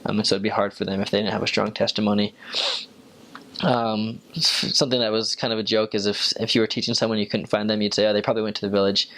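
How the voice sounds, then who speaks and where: A young man, a returned missionary, telling stories in a relaxed, casual way, with lots of fillers, and jumping up in pitch when he quotes people. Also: fast. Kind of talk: casual storytelling.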